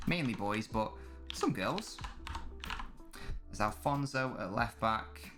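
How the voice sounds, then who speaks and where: A man's voice: fairly low pitch, lively intonation, slow, over music. A young man, a live streamer, chatting casually and swearing as he reads and answers messages from his chat during a football watch-along.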